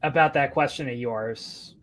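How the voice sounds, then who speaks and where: A man's voice: mid-range voice, a little slow, slight background noise. A man in a casual podcast chat, making dry, teasing remarks. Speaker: podcast co-host.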